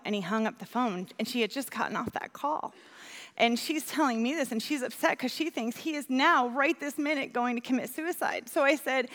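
Bright-voiced woman telling a church story, earnest, lots of reverb. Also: fairly high pitch, a little fast. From New York. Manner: earnest, animated when retelling dialogue. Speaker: church volunteer speaker. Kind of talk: personal testimony talk.

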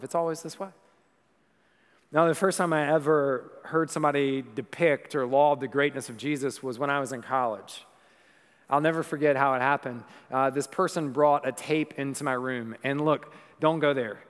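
A man's voice: medium pitch, normal speed. A young man preaching a sermon in a church, talking conversationally and then building into a rhythmic, emphatic recitation. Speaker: pastor. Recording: long reverb of a large hall.

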